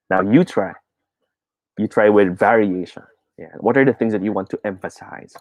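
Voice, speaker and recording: A man's voice: lowish voice, normal speed, darkish tone, no echo. A male teacher with a Filipino accent running an online speech lesson, coaching learners and mixing Filipino into his English.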